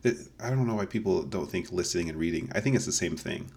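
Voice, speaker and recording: Deep-voiced man in playful debate. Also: quick pace, gravelly. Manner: animated, laughs often, argues playfully. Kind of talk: casual chat.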